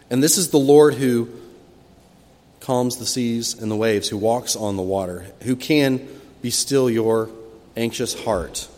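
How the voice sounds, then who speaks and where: Man preaching in a reverberant church. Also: mid-range voice. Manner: expressive storytelling, acting out quoted cries with sudden loud rises. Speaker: pastor. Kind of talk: sermon. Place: church sanctuary. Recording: long hall reverb from a church.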